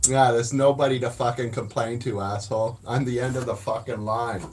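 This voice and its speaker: A man's voice: mid-range voice, little pitch movement, fairly quick, few pauses, a little mellow, a little hiss or hum. A man who hosts a livestream, chatting casually in a blunt, profane, rambling way. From Canada. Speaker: livestream host.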